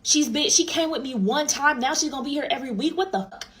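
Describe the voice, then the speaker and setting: A young woman telling a storytime monologue, exasperated and profane, dropping to mutters and rising to shouts, repeating lines for emphasis. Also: sits high, fast talker, poor audio.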